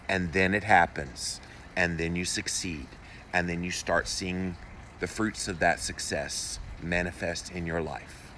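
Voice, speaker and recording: A male health-show host talks alone to his live audience in an earnest, encouraging, slightly preachy way. His voice sits low, but it comes across bright and forceful. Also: normal speed, a little hiss or hum. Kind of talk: solo live-stream talk, reading viewer comments.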